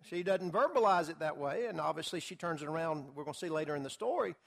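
A man's voice: a little high, animated, fast talker, vocal fry. A man teaching a Bible study class to a group, talking casually with filler words and acting out quotes. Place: classroom or church hall with a group.

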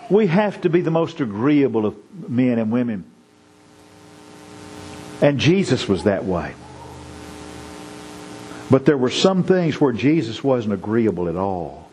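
A man's voice: medium pitch, very animated, a little slow, pauses often, a little mellow, husky, poor audio. A male pastor delivering a sermon, folksy and storytelling, building to emphatic preaching.

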